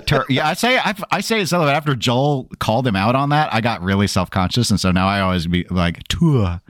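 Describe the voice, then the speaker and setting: A man's voice: medium pitch, animated, fast, a bit bright, no echo, studio quality. A man with a Midwestern American accent, co-hosting a podcast in casual, rambling, self-deprecating chat. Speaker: podcast co-host.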